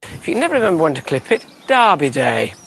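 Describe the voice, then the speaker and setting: A male TV gardening presenter explaining plants smoothly. His voice sits fairly high and has a gravelly edge. The clip plays back over clear background noise. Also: very animated, fast, a bit bright. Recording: noisy old TV clip played back.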